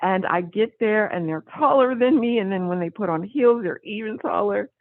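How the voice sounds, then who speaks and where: A woman guest telling a story in casual conversation, with an animated way of talking. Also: mid-range voice, normal speed, no echo. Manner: animated, acts out quoted voices. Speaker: interview guest. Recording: tinny phone-line sound, dry.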